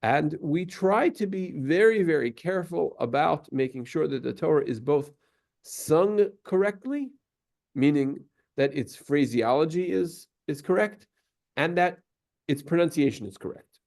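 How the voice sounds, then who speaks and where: At a synagogue, a teacher gives a patient lesson explaining Torah cantillation, occasionally singing brief examples. His voice is fairly high, expressive and darkish in tone, with a measured pace.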